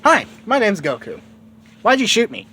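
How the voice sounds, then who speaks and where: A man voicing a cheerful, naive young boy fighter with high excited yelps. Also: normal speed, a little hiss or hum, full character voice. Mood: startled.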